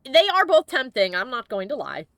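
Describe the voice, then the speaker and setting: A woman's voice: sits high, very animated, moderate pace, fairly bright tone, dry recording. A sniffly woman hosting a let's play, chatting in a bubbly, giggly way with her viewers over gameplay. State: sniffly, congested. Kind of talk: casual gameplay commentary.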